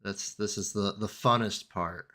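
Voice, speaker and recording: A man's voice: fairly low pitch, measured pace. Laid-back guy hosting a gaming chat, jokey, hums along while he works. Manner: relaxed, joking, hums to himself. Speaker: host of a gaming debrief. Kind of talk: casual chat.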